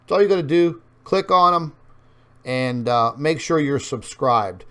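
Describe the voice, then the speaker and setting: A man's voice: a little high, animated, measured pace, sharp tone, smooth. A man hosting an online show, talking viewers through on-screen maps in a rambling way with many fillers, and addressing them as folks. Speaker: online news show host. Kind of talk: casual commentary over on-screen maps.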